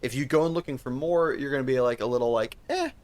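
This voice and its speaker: Here a fast-talking podcast co-host with a mid-range, darkish voice casually discusses a movie. He rambles, swears heavily, and keeps backing up to restart his thoughts.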